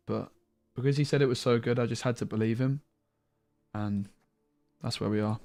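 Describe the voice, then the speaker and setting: A man's voice: mid-range voice, fast, faint music behind. A man streaming a card game, giving casual commentary full of jokey banter with viewers and muttered asides.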